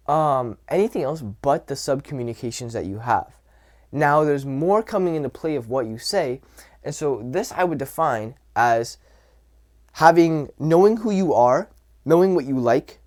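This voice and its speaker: A young man with a medium-pitched, darkish voice gives casual dating and self-improvement advice straight to camera. He's a dating and social skills coach who talks loosely, full of fillers and restarts.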